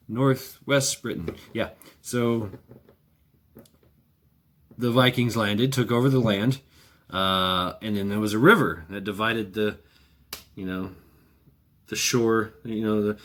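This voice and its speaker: Slow, low-voiced sardonic man. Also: a bit bright, a little hiss or hum. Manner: sardonic and profane, with frequent chuckles; wry. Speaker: vlogger. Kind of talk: casual rambling monologue.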